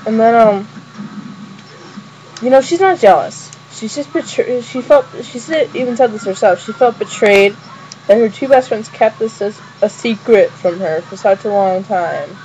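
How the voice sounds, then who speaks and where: Rambling excited young woman fan reviewer. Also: fairly high pitch, moderate pace. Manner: rambling, excited, many fillers and restarts. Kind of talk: casual episode review. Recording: dull lo-fi webcam audio with faint noise.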